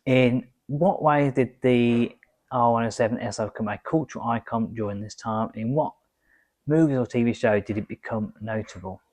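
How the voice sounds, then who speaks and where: A man's voice: mid-range voice, moderate pace, darkish tone. Chatty man hosting a car vlog. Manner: chatty, adds asides while reading. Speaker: car vlogger. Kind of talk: casual vlog, reading quiz answers aloud.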